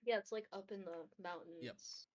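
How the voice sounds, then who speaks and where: Relaxed woman chiming in at a game night, muffled audio. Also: fairly low pitch, moderate pace. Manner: laid-back, chiming in. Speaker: player. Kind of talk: casual chat. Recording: dull lo-fi sound.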